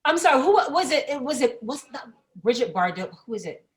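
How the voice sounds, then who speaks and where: A woman comedian talks in a slightly high voice. She is blunt and emphatic and drops profanity freely in casual panel chat. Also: big pitch swings, fast talker. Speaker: comedian co-host.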